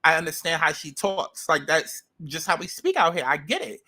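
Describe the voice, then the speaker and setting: New man reviewing reality TV, high and piercing, blunt and foul-mouthed. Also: animated, normal speed, sharp tone. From New York. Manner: blunt, profane, sassy. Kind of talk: ranting commentary.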